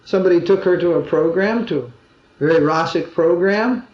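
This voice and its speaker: Man with a fairly high voice teaching a spiritual talk, chatty storytelling with dry jokes, old dull recording. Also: moderate pace. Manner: conversational storytelling with wry humor. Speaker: swami giving a spiritual talk. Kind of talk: informal religious discourse with anecdotes. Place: gathering in a room. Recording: roomy dull lo-fi 2001 recording.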